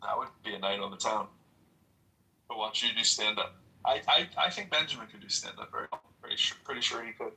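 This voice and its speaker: A man's voice: on the low side, quick pace, pushed and bright, far from the mic, poor audio. A man hosting a casual chat, speaking hesitantly with many restarts. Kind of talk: casual chat on an audio room.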